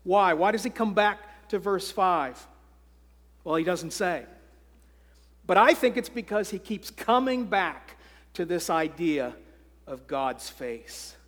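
Man, pastor, high voice, slow earnest sermon delivery, long hall reverb. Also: lively intonation, a bit bright. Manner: earnest preaching, slow deliberate phrasing.

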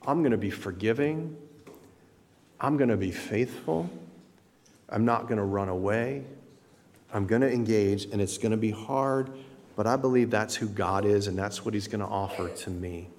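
A man giving a conversational sermon as pastor, animated and acting out people's inner thoughts. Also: fairly low pitch, normal speed. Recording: long hall reverb.

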